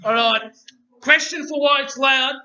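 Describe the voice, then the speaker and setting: A young man hosting a chaotic comedic podcast, talking loudly and playfully and calling everyone mate, on a poor microphone. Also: extremely high pitch, unhurried. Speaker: podcast host. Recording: dull lo-fi microphone.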